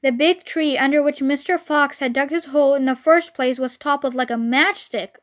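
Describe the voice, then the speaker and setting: A woman's voice: sits high, moderate pace. A woman reading a children's storybook aloud expressively, as a storyteller.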